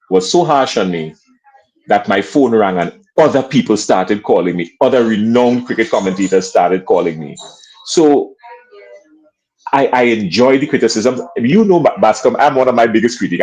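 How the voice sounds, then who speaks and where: A Grenadian man in his fifties speaks as a guest on a sports talk show. He tells his story in an animated, storytelling way, often acting out what others said. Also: fairly low pitch, low-quality recording. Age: 50s. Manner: lively storyteller acting out quoted voices.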